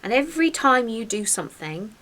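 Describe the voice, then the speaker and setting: A woman's voice: on the high side, very animated, a little fast, fairly bright tone. A woman in casual chat, reflective and encouraging as she gives advice.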